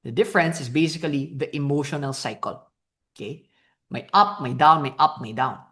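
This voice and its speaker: A woman's voice: a little fast, fairly bright tone. A woman with a Filipino accent teaching sales tonality as a coach, switching into Tagalog and acting out example lines. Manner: switches to Tagalog mid-sentence, acts out sample lines with swings in pitch. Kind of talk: coaching lesson.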